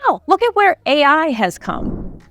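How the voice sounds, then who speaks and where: Emphatic woman coach, bright voice. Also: fairly high pitch, expressive, moderate pace, a little hiss or hum. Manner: emphatic, repeats key phrases for stress; conversational, acts out quoted dialogue. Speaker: government contracting coach. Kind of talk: motivational teaching talk.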